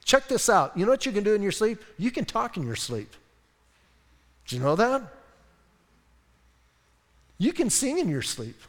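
High-voiced, animated male preacher. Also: normal speed, long pauses. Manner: animated, conversational, enthusiastic preaching. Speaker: pastor. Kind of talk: sermon. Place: church sanctuary. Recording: long reverb in a church hall.

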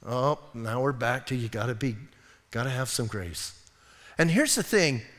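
Emphatic pastor preaching in a reverberant church. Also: male voice, animated, normal speed. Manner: emphatic, keeps saying "listen" to the congregation; swings between loud bursts and soft low asides. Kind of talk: sermon.

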